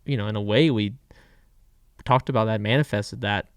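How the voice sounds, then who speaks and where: A man in his thirties from Florida, a guest driver telling stories in a relaxed, candid way with frequent trailing pauses. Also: on the low side, clear, resonant tone, no room sound, clean studio sound. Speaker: guest race car driver. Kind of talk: casual storytelling.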